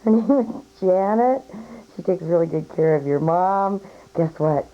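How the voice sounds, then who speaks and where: Chatty middle-aged mom on camcorder. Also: female voice, on the low side, unhurried. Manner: chatty, laughs often. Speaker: mother introducing coworkers. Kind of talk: home video message. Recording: dull home camcorder sound.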